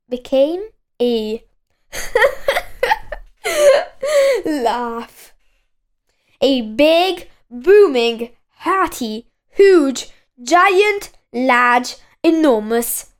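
High-pitched lady reading a kids storybook slow, keeps cracking up giggling. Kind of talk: reading a children's storybook aloud.

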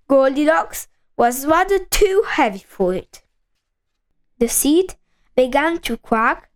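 A woman reading a children's storybook aloud, slowly and with clear enunciation. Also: sits high.

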